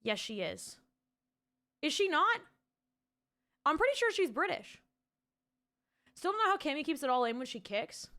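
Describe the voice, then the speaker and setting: A woman's voice: high-pitched, fairly bright tone. Chatty, swearing woman live-streaming from home. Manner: chatty, rambling and casually profane. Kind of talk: casual live-stream chat reading out viewer messages.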